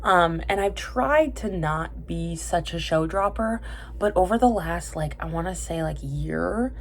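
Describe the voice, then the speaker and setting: A young woman vlogs casually about dramas she's watched, her low-ish voice expressive and unhurried. She chats in a rambling way, drifting into tangents, filling gaps with fillers and correcting herself often.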